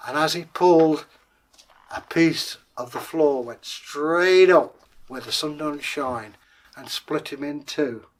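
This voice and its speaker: A man's voice: a little high, slow, slight background noise. A man telling a fairy tale in a chatty, jokey way as a channel host. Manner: chatty, jokey, conversational asides.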